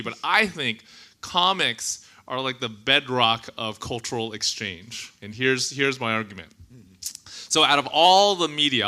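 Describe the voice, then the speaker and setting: A man's voice: mid-range voice, pushed and bright. A man on a conference panel, earnestly making an argument, with a few fillers and restarts.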